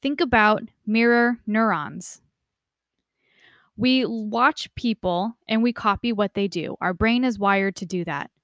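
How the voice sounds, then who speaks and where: A young woman giving a casual lecture, conversational and lively when she imitates relatives. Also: mid-range voice, slow, no echo, clean studio sound. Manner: conversational, animated quoting of family voices. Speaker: instructor.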